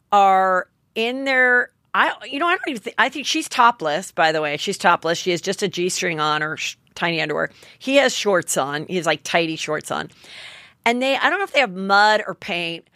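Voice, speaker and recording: A woman's voice: medium pitch, dry recording. Chatty woman host, dry close sound. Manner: chatty, animated, acts out quotes. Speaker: podcast host. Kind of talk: gossipy reality TV recap.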